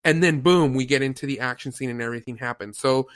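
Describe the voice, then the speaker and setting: A man hosting a casual review show, retelling film scenes in an animated, rambling way with lots of fillers. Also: medium pitch, quick pace, no echo, clean studio sound. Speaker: podcast host reviewing a film. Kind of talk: casual chat.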